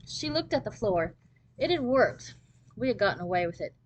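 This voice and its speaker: A storybook reader with a mid-range voice reads a children's novel aloud at a moderate pace, narrating in the first person. She is very animated, steady and expressive, though the recording quality is low.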